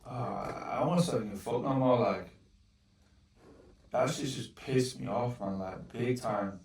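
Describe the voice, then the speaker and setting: A man's voice: mid-range voice, measured pace, a little mellow, recorded from a distance, a little hiss or hum. A young man giving live trading commentary, swearing often and growing frustrated. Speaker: trading vlogger. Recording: roomy, off-mic echo.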